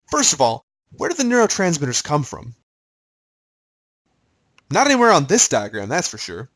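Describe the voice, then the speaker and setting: Man, lecturer, conversational teaching, animated pitch, quizzes listeners. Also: rough recording. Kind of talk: recorded pharmacology lecture.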